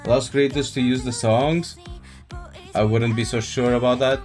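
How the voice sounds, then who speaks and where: A man's voice: medium pitch, fairly even intonation, moderate pace, a little mellow, faint music behind. A male livestreamer chatting casually with his audience, laid-back and jokey, reacting to chat with laughs. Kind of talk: casual live-stream chat.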